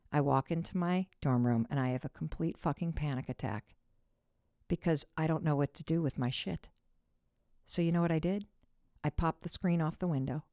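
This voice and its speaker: A woman's voice: lowish voice, a little mellow, clear, resonant tone, no echo, studio quality. A woman in her fifties from Michigan, hosting a podcast and telling a personal story expressively, dropping to whispers for asides and swearing casually. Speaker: podcast host.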